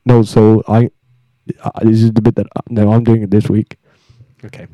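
A man co-hosting a comedy podcast, playful and bossy, breaking into loud drawn-out mock announcements. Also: lowish voice, little pitch movement, dry recording. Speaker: podcast co-host.

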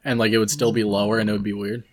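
A young man chats on a casual podcast in a slightly low voice. He rambles and muses with plenty of "like" and "right?" thrown in. The talk is loose and unscripted. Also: level tone, very fast. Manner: rambling, filler-heavy, musing. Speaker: podcast co-host. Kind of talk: casual chat.

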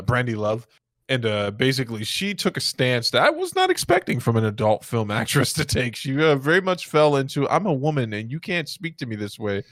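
A man co-hosting a casual podcast, telling stories in an animated way, laughing often and swearing. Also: lowish voice, dry recording, studio quality. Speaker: podcast co-host. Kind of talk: casual chat.

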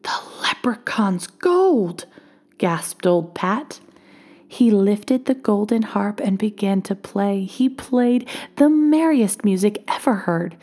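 A woman reading a children's storybook aloud, expressive and often dropping to a hush. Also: a little high, slow.

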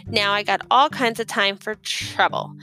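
A woman's voice: mid-range voice, a little slow, sharp tone. A woman voicing a tough young girl who mumbles short, grumbling answers in a storybook reading. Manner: terse, mumbling.

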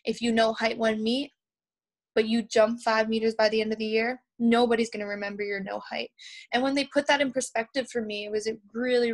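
A young woman from Canada, a pole vaulter and podcast guest, telling lively stories and laughing often. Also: fairly high pitch. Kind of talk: podcast interview storytelling.

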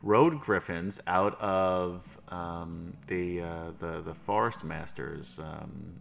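A man running a tabletop game as game master, joking and rambling with many pauses and fillers. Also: low-pitched, steady tone, gravelly.

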